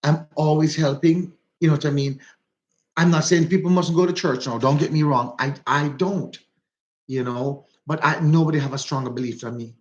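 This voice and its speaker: A man's voice: a little high, steady tone, moderate pace, dull audio. Chatty Jamaican man livestreaming on a phone. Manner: chatty, repeats phrases, greets viewers by name. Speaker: livestream host. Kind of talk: casual livestream chat. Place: walking outdoors.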